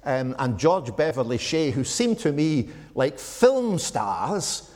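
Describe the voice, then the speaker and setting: A Scottish man in his seventies giving a measured, reflective talk to a church audience, with frequent ums. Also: a little high, sing-song, a little mellow. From Scotland. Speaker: speaker at a church gathering. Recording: long hall reverb.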